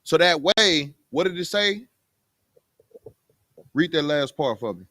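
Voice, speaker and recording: A man's voice: on the high side, lively intonation, slow, sharp tone, dry recording. A man teaching a Bible class in plain everyday talk, often putting rhetorical questions to his students. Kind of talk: conversational scripture teaching.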